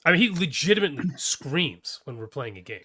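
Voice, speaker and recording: A man's voice: fairly high pitch, very animated, a little fast, sharp tone. A man, co-hosting a podcast in easygoing casual chat. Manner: easygoing, laughs often. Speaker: podcast co-host.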